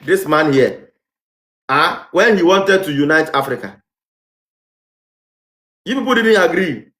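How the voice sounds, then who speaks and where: A man's voice: a little high, lively intonation, measured pace, fairly bright tone. Fired-up Ghanaian man in an echoey room. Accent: Ghanaian English. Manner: heated, repetitive rhetorical questions. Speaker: vlogger. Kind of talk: impassioned commentary monologue.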